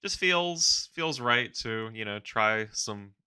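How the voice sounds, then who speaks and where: A man co-hosting a movie stream, chatting in a relaxed, halting way with fillers. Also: mid-range voice, smooth. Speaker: co-host. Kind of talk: casual chat.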